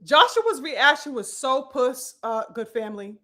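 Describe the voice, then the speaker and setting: A woman with a high, bright voice talks through a live-stream boxing commentary. Her delivery is animated and profane. She keeps addressing her viewers as brothers and sisters. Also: unhurried.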